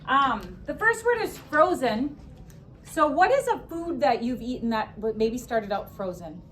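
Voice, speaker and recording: A woman's voice: on the high side, big pitch swings, a little slow, a bit bright, a little hiss or hum. A woman teaching second graders a spelling lesson, upbeat and sing-song, stretching words out syllable by syllable. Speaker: elementary school teacher. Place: classroom.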